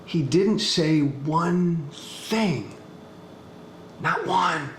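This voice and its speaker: A man's voice: fairly high pitch, drawn-out words, fairly bright tone. A man hosting a political commentary podcast, speaking in an emphatic monologue that hammers the same points again and again, with blunt profanity. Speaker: podcast host. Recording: echoey room with faint background noise.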